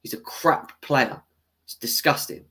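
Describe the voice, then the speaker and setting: With a bright, forceful tone and a slightly slow pace, a young football fan host rants live about the match. He gets heated, swears at viewers in the chat and argues with them, yet laughs about being biased.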